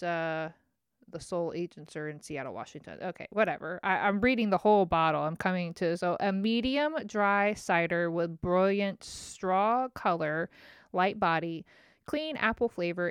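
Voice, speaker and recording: A woman's voice: lowish voice, moderate pace, clear, resonant tone, no echo, studio quality. A woman hosting her own podcast, chatting in a rambling, self-mocking way. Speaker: podcast host. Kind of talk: casual chat.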